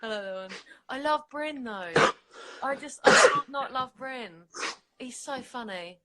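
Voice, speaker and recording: Woman, young adult, bright voice, giggly, chatty, casual live stream call. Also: high-pitched, expressive, a little slow, slight background noise. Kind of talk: casual late-night chat. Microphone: phone on a live stream video call.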